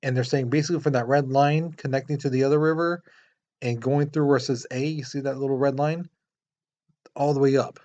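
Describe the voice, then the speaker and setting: A man's voice: medium pitch, steady tone, a little fast, a little mellow, highs cut off. A man teaching a history lesson in a casual, explanatory way, pointing to a map with many fillers. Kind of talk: classroom lecture.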